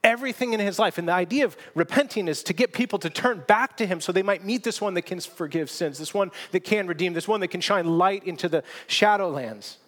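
A man preaching a sermon, telling stories with lively swings from near whispers to loud exclamations, often restarting his words. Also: high voice, brisk, hardly any pauses. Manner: animated storytelling, swinging from hushed to shouting; frequent restarts and repeated words. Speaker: pastor.

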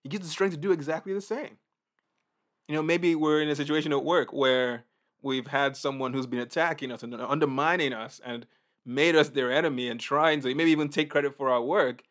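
Man, preacher, casual sermon, conversational, animated, fairly high voice. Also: a little fast. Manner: conversational and animated, acts out reactions.

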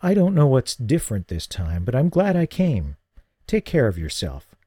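A man voicing a woman, the gentle ex-wife, in an audiobook, speaking softly and measured. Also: mid-range voice, wildly swooping pitch, no echo, clean studio sound. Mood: tender. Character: careful, kind ex-wife.

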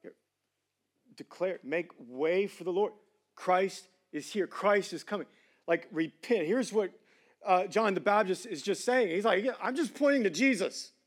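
High-voiced pastor guy, middle-aged, chatty laid-back sermon, lots of "like" and "man". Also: a little slow. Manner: casual, conversational preaching with slang fillers.

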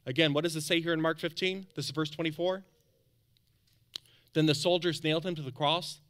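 A man preaching a sermon as pastor, animated, calling out to the congregation for responses, then dropping soft for encouragement. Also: a little fast, clear, resonant tone. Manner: drops to a soft, low tone for quiet encouragement.

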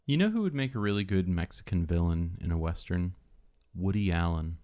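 A man co-hosting a casual film podcast, making dry jokes and calm points. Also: low voice, brisk, clear, resonant tone. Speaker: podcast co-host.

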